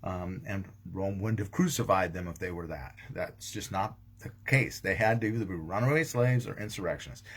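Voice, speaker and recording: A man's voice: deep voice, normal speed, few pauses. A man, a pastor, giving a casual daily devotional talk, rambling with frequent ums and restarts. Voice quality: gravelly, husky.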